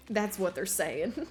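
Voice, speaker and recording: A woman streamer chatting casually with her viewers while gaming, bubbly and giggly, full of slang. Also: medium pitch.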